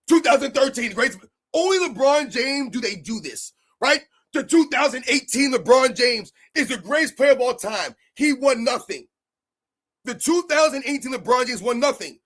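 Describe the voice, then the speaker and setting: A man's voice: extremely high pitch, expressive, moderate pace, hardly any pauses, a bit bright. A man hosting a heated sports rant, emphatic and argumentative, hammering his points by repeating them. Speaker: sports commentary host.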